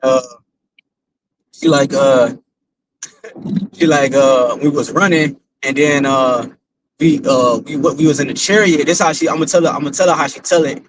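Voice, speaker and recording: A man's voice: a little high, unhurried, pauses often, poor audio. A man, a father, telling a religious testimony in a casual, rambling, slangy way, repeating himself as he goes. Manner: rambling, repetitive, slangy storytelling.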